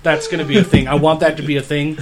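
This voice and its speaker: A man's voice: fairly high pitch, flat delivery, fast talker, a crowd in the background. A man running a tabletop role-playing session, talking casually with lots of fillers and restarts. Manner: rambling, filler-heavy, laughing. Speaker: game master. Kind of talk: casual tabletop game chat.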